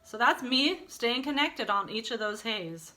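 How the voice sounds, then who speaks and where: A woman's voice: fairly high pitch, lively intonation, unhurried. A woman singing teacher leading an online lesson, encouraging students and demonstrating vocal exercises.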